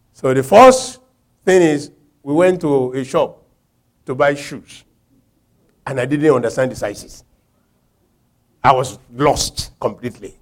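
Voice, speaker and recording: A Nigerian man preaching a sermon, telling a personal story with laughter and shouted quotes. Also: medium pitch.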